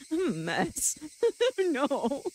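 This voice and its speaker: Animated, lively-pitched woman streamer. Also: measured pace, a little hiss or hum. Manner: animated, laughs often, swears freely. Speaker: streamer reading a visual novel aloud. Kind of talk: casual live-stream chat and reading.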